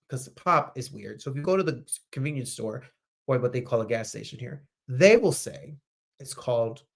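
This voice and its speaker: A host from New Jersey with a New Jersey accent, chatting casually and reading viewer comments aloud. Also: mid-range voice.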